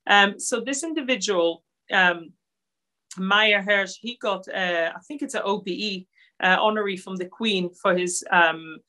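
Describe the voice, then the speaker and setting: A woman who grew up in Israel, giving an earnest talk over slides at a Holocaust centre, with many pauses and fillers. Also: medium pitch, sharp tone.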